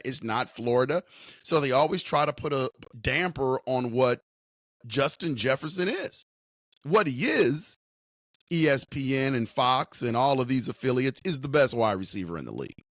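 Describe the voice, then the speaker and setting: A man's voice: medium pitch, a bit bright, dry recording, studio quality. A man hosting a sports talk show, speaking with emphatic, repetitive hometown enthusiasm. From Upper Midwest. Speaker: sports podcast host.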